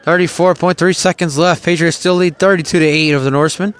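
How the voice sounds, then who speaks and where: A man's voice: fairly high pitch, fairly even intonation, quick pace, a bit bright, smooth, dry recording. A man calling a live football game play by play, chatty and openly puzzled by the coaching decisions. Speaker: play-by-play announcer.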